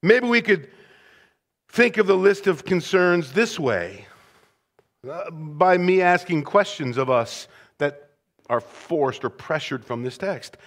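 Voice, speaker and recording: Animated, high-voiced male preacher. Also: takes it slowly. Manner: animated, conversational preaching with rhetorical questions. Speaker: pastor. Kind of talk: sermon.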